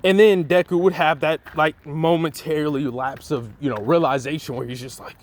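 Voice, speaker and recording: A man's voice: fairly high pitch, steady tone, normal speed, few pauses. A man telling a fan-made what-if story in casual, slangy, profane rambling.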